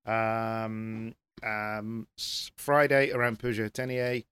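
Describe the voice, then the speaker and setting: Lively rally pundit, a man. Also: lowish voice, takes it slowly, smooth, no room sound. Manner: lively, stumbling restarts. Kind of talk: casual panel chat.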